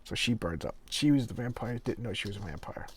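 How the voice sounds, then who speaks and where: A man casually paging through an old horror comic, talking with rambling enthusiasm and drifting into soft, quiet asides. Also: on the low side, animated, a little fast, a little hiss or hum. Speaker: comic collector reviewing an issue.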